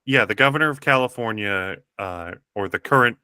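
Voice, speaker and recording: Male player, bright tone, rambling delivery, dry mic. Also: fairly low pitch, brisk, clear, resonant tone, no echo. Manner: rambling with restarts, chuckling. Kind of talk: tabletop role-play.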